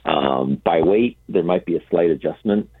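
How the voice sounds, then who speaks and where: A man with a very deep, slightly husky voice joins a radio show by phone. He explains things patiently and hesitantly, filling pauses with ums. The dry, tinny phone line narrows his sound. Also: no room sound. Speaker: guest, coffee roaster. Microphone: telephone.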